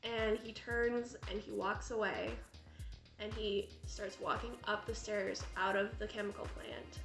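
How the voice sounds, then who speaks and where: A woman's voice: medium pitch, steady tone, a little slow, a bit bright. A woman reviewing a horror film in a gushing, chatty vlog style, full of fillers. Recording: echoey room with faint music.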